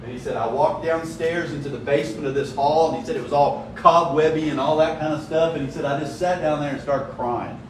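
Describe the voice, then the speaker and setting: A man's voice: fairly high pitch, steady tone, fairly quick, few pauses, slight background noise. A man leading a conversational Bible study, telling stories and often checking in with his listeners. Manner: storytelling, frequent "right?" check-ins. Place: church room. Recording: echoey room from far off.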